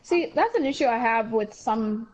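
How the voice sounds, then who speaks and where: A woman's voice: fairly high pitch, animated, moderate pace, a crowd in the background. A woman and mother chatting casually on a podcast, telling blunt, rambling anecdotes. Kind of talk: casual chat. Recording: dull lo-fi recording.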